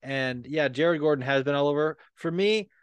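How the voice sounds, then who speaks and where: A man hosts a podcast in casual conversation, rambling along with plenty of swearing and filler words. His voice is fairly high and smooth, at a moderate pace, with no room sound.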